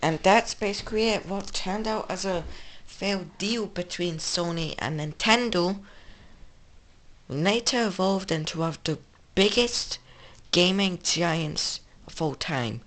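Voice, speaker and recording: A woman's voice: lowish voice, a bit bright. A woman with an English accent hosting a casual gaming retrospective, rambling and correcting herself as she goes. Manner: rambling, self-correcting, offhand. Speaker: video game channel host.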